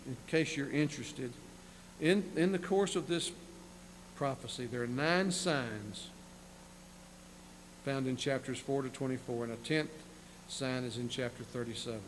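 A man's voice: medium pitch, unhurried, pauses often. Male pastor, mid-range voice, sermon delivery, reads scripture then comments, slight hum in the recording. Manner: reads scripture aloud, then explains in plain asides; repeats words and restarts phrases. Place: church sanctuary.

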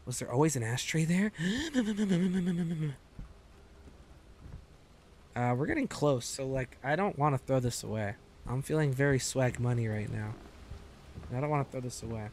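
A man streams a game live, chatting with viewers, swearing freely and yelping when something startles him. He's excitable, though his mid-range voice runs a little slow with long pauses. There's a slight hiss or hum in the recording.

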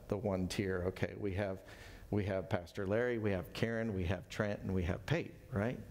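A man's voice: lowish voice, darkish tone. A man in his fifties teaching a Bible study in a folksy, conversational way, with self-deprecating asides. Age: 50s.

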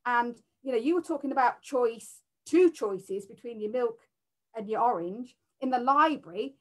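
A woman's voice: fairly high pitch, normal speed, rough recording. Chatty woman from the library. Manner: warm, chatty, many fillers and restarts. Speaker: library worker. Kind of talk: live Q&A chat.

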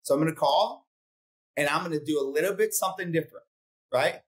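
Sales coach, man, fairly high voice, blunt and swears a lot, acts out calls. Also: fast. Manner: blunt, profane, animated with acted-out phone calls. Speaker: real estate sales coach. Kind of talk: casual podcast coaching talk.

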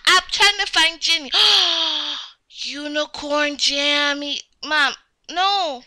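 Woman, child role-play in a game, whiny, childlike, excitable, very high voice, slow delivery. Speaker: game video creator.

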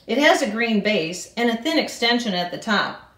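A woman teacher explaining a science idea to children in a clear way. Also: fairly high pitch, animated, moderate pace, fairly bright tone. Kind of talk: short classroom explanation. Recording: roomy room sound.

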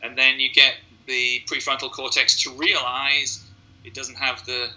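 A man's voice: mid-range voice, flat delivery, measured pace, sharp tone, low-quality recording. A man, a hypnotist being interviewed, explaining his method step by step in casual conversation and acting out what his clients think. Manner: explains step by step, acts out clients' inner voices. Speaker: hypnotist guest.

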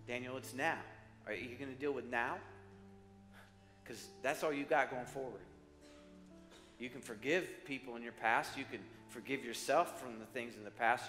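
Pastor guy preaching, goes loud then soft and prayerful, middle pitch, roomy church sound. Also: normal speed. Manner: shifts from loud exhorting to soft prayerful calls. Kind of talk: sermon. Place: church sanctuary. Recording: echoey church hall with music behind.

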